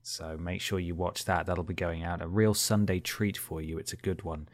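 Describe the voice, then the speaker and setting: A man hosting a podcast and running through the show's schedule in a relaxed, chatty way. His voice sits a little low and sounds dry and close on the mic. He often lets phrases trail off quietly. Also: normal speed, no echo. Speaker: podcast co-host. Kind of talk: casual podcast outro.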